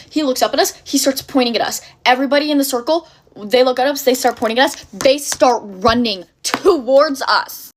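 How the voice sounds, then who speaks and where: A young woman casually telling a dramatic story in an animated, breathless way, full of fillers. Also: fairly high pitch.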